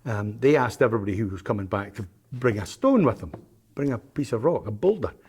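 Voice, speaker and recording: A man's voice: fairly low pitch, animated, a little fast, darkish tone, breathy edge. An older man, telling stories as an interview guest, rambling and hesitant with frequent ums and restarts. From Scotland, Isle of Arran. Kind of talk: anecdotal storytelling in an interview.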